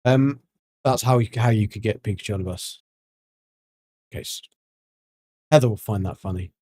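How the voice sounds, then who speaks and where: A man's voice: lowish voice, moderate pace, mellow, no room sound. A man giving casual, rambling gameplay commentary as a streamer, full of ums and restarts. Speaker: gaming streamer.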